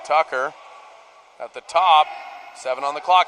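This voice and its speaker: A man giving live play-by-play commentary, rising to shouts on big plays, heard over a noisy arena broadcast. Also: a little high, measured pace, long pauses. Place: poolside at an indoor arena.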